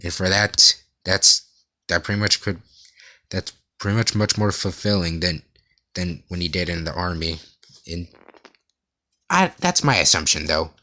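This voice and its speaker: A young man giving a rambling class presentation about an artist, in a monotone with frequent stutters and restarts. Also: low-pitched, a little slow, pauses often. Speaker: student presenter.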